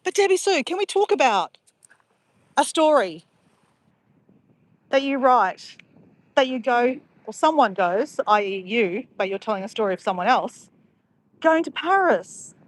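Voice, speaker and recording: A woman's voice: a little high, animated, measured pace, pauses often, dry recording. A woman, chatting casually and playfully with live viewers in a bubbly, laughing way.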